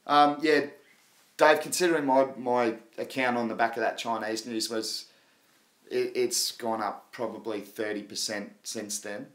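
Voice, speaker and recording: A man's voice: medium pitch, fairly even intonation, a little slow, a bit bright. Casual male livestream host, rambling and chatty, mid-range voice, laughs a lot.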